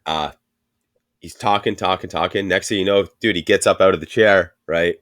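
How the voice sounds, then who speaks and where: A man's voice: low-pitched, moderate pace, a bit bright, no room sound, studio quality. A man co-hosting a podcast, telling a rambling, profane story in casual chat and laughing often. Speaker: podcast co-host.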